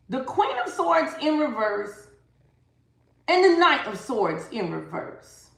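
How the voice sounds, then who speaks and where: A woman's voice: high voice, big pitch swings, slow pace, vocal fry, pauses often, sharp tone, reverberant. A woman giving a live-stream tarot reading, talking emphatically and dramatically straight to her viewers. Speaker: tarot reader.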